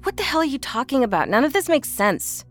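A woman's voice: mid-range voice, expressive, moderate pace, soft background music, natural voice. An actress playing a skeptical, blunt young woman in an audio drama, impatient and mocking. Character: skeptical, brash young woman, older sister.

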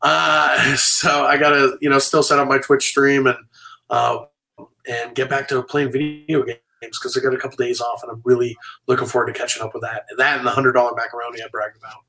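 Bright-voiced man telling stories. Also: medium pitch, brisk, vocal fry, rough recording. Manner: animated, filler-heavy storytelling. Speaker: comedian guest. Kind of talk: casual storytelling on a video call. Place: home room. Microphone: video call.

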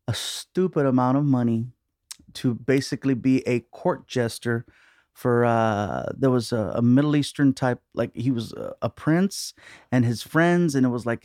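A male comedian guest on a podcast, chatting casually and telling animated stories, jumping into loud, high voices when he quotes people. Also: no echo, clean studio sound.

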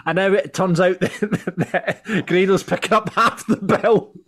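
A man's voice: high voice, steady tone, a little slow, fairly bright tone, husky. A man hosting a casual podcast chat and steering the talk to new topics. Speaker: podcast host.

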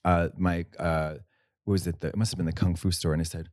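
A man's voice: low-pitched, level tone, fast, darkish tone, dry recording, clean studio sound. Rambling, profane podcast co-host man. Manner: rambling, profane, full of restarts and fillers. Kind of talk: casual chat.

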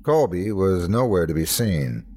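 A man's voice: deep voice, very animated, measured pace, a little mellow, husky. A man hosting and narrating a scripted horror story in a tense, dramatic first-person telling. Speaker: host and narrator.

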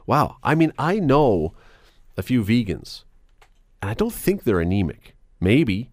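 A man hosting a talk radio show, chatty and animated, with quick asides. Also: medium pitch, no room sound, clean studio sound. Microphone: studio microphone.

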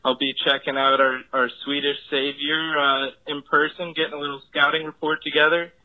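A man from Cincinnati leaves a voicemail for a podcast, bragging in an offhand way. His voice sits a bit high and stays flat and monotone. It comes through a thin, tinny phone line. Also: a little fast. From Cincinnati, USA. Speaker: caller. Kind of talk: voicemail message.

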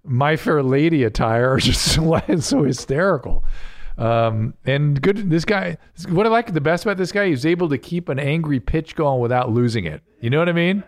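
A man's voice: fairly high pitch, lively intonation, moderate pace, dry recording, clean studio sound. A man hosting a podcast, commenting casually on viral videos with amused, laughing reactions. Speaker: podcast host.

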